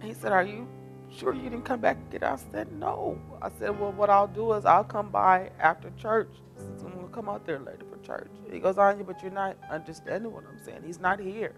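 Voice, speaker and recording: A woman's voice: mid-range voice, a little fast, vocal fry, faint music behind. A middle-aged woman, a bereaved mother giving an emotional personal testimony, tearful, her voice rising as she tells it.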